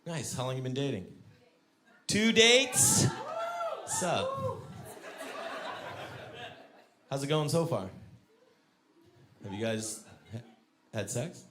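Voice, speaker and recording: A man's voice: medium pitch, huge pitch swings, takes it slowly, pauses often, a bit bright. A man doing a stand-up comedy set, chatting with the audience and acting out scenes with exaggerated lines. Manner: banters with the audience.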